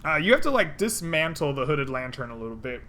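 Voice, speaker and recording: A woman's voice: low-pitched, very animated, fairly quick, crowd noise. A woman narrating a tabletop role-playing game as game master, in a loose, filler-heavy way.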